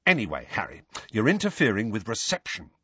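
A man's voice: fairly low pitch, wildly swooping pitch, brisk, a bit bright, slightly rough, no room sound, dull audio, heavily acted. A man reading an audiobook, voicing a cheeky, joking teenage boy who talks in a teasing, sarcastic way.

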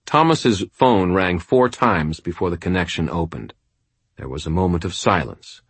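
A man's voice: low voice, expressive, normal speed, slightly rough, no room sound. A man narrating a novel in the first person with a wry, dry delivery. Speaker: audiobook narrator.

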